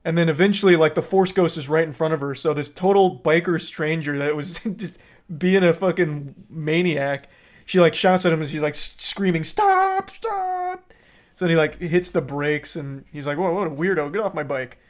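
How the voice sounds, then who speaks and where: A man's voice: a little high, steady tone, normal speed. Rambling casual male streamer. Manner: rambling recap with crude jokes. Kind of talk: casual chat.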